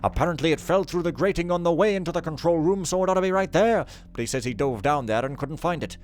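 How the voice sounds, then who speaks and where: A man's voice: on the high side, animated, fast talker, pitched above the performer's own voice, lightly acted. A man voicing a grumbling male maintenance foreman in a put-on accent, reading out a work log in a game.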